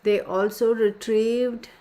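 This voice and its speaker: A woman's voice: medium pitch, mellow. A woman hosting a casual live stream, reading viewer comments aloud, often laughing and exclaiming in surprise.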